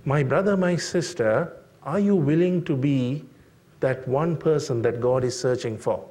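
Slow, deliberate preacher man. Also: mid-range voice, mellow. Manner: slow and deliberate, with frequent uh and um fillers; emphatic rhetorical questions to the congregation. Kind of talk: sermon.

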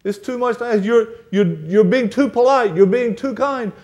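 A man's voice: extremely high pitch, normal speed, darkish tone, voice pushed up. A male preacher voicing an older widowed woman, insistently pleading with her daughters-in-law to go back home, during a sermon. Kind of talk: sermon storytelling.

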